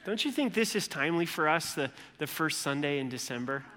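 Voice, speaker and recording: Animated pastor preaching in a reverberant church hall. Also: male voice, fairly high pitch, a little fast. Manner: animated, acts out quoted voices with humor. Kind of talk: sermon.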